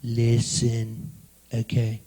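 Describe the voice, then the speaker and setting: A man doing a quick, boastful politician impression during a stand-up set. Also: medium pitch, monotone, mellow, pitched below the performer's own voice. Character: boastful male politician impression, low drawl.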